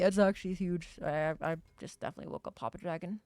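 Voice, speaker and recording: A woman's voice: fairly low pitch, rapid-fire, few pauses, darkish tone, no room sound. A young woman streaming a game, chatting casually and jokingly to herself and her chat, swearing freely. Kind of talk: live gaming stream chatter.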